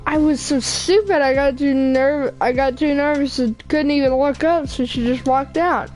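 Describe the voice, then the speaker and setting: A woman reading a visual novel aloud, voicing a shy, bookish teenage girl who talks haltingly and apologetically. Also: high voice, darkish tone, soft background music, lightly acted, low-quality recording. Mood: nervous. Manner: halting, apologetic, stumbles over words.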